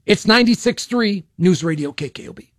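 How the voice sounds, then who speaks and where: A man's voice: high voice, expressive, brisk, no echo, studio quality. Blunt, opinionated radio talk host man. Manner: blunt, opinionated, repeats himself with frequent restarts. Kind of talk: political talk radio monologue. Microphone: studio microphone.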